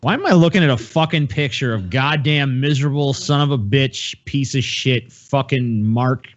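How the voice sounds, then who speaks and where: A man's voice: medium pitch, normal speed. Brief: wry, cursing male host egging others on, average voice, dull recording. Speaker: podcast host. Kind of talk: casual chat. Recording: dull lo-fi audio.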